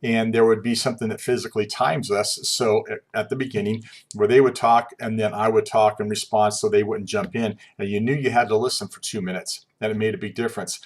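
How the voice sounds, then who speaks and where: A man teaching a class, talking in a calm, reflective, conversational way with occasional fillers. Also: lowish voice. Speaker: instructor. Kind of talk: recorded class lecture.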